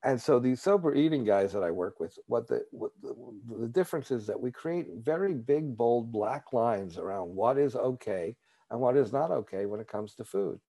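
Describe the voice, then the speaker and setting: Speaking at normal speed in a warm, animated, medium-pitched voice, a man tells his own story to a recovery support group. His tone is frank and conversational, and he repeats words as he collects his thoughts.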